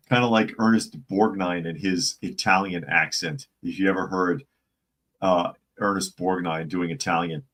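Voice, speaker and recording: Low-voiced man hosting casual news chat. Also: fairly bright tone. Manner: conversational, reads articles aloud and greets live chat. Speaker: host.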